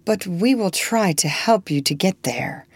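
A kind lady of the house soothes a frightened guest in a soft voice, as a woman storyteller puts her on. The voice sits a little low and sounds close and dry. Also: expressive, a little slow, breathy edge, no room sound, full character voice. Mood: sad.

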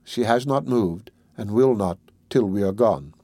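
A man voicing a kindly old gentleman in an audiobook reading, who speaks in a measured, formal and persuasive way. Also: on the low side, dry recording. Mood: sad. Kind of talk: audiobook character voice.

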